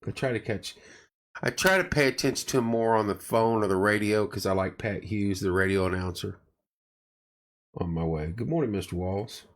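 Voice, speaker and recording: A middle-aged man losing his voice, hosting a casual live chat and greeting viewers by name as he rambles. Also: sits low. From central Indiana. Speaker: live stream host.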